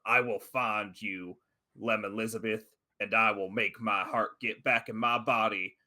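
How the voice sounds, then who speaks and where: A man voicing a vengeful poltergeist who vows revenge in a slow, threatening voice. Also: lowish voice, fairly even intonation, bright, forceful tone, voice pushed down.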